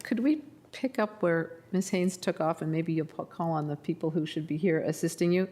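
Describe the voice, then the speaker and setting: A woman's voice: on the low side, moderate pace, hardly any pauses, warm tone. A woman, a board member, asking pointed questions at a public meeting.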